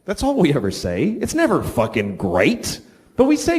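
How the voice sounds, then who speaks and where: A man's voice: a little high, wildly swooping pitch, brisk, darkish tone. A married father doing stand-up comedy, blunt and profane, with hesitant filler words. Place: stage in a comedy venue. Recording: long hall reverb on stage.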